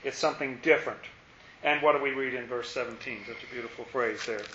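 A man's voice: medium pitch, fairly even intonation, fast talker, sharp tone, slight background noise. A man leading an informal Bible study, thinking aloud and asking rhetorical questions. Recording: roomy, dull lo-fi recording.

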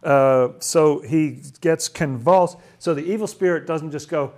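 A man's voice: fairly high pitch, measured pace, hardly any pauses, a little mellow. A man leading a casual Bible study, talking through a passage and asking lots of questions, with frequent restarts. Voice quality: asks lots of questions, chatty, stumbles and restarts.

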